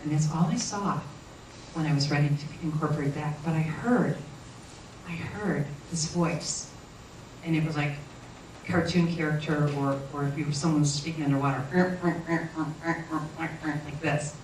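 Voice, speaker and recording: A woman telling a personal story in an earnest, halting way, often restarting her sentences. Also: low-pitched, fairly even intonation, a little mellow. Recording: roomy, distant mic, faint noise.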